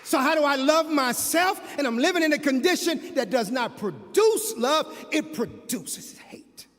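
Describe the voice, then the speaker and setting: A man preaching an impassioned sermon as a minister, building to shouts. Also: very high voice, lively intonation, measured pace. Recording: long hall reverb.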